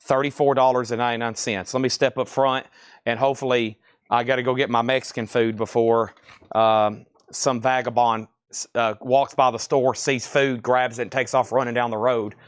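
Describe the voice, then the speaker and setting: A man running a live-stream vinyl auction, rattling off names, bids and prices at full volume. His voice sits at an ordinary middle pitch. The sound is close and dry, with almost no room echo. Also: little pitch movement, clean tone. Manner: loud, projecting auctioneer voice; rapid-fire calling of bids and prices. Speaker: auction host.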